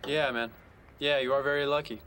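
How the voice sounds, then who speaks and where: An actor playing a laid-back male friend in a low-budget film, speaking in a flat, offhand way. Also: a little fast, distant mic, background noise, lightly acted. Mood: casual.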